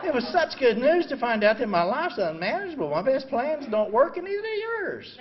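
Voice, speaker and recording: An older man in his seventies talks through his recovery story in a blunt, self-mocking way, leaning on "you know" constantly. His voice sits high and moves over a wide, lively range, from quiet reflection to loud outbursts. The recording is dull and lo-fi. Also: a little fast, noisy background. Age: 70s. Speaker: recovery meeting speaker. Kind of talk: personal recovery talk.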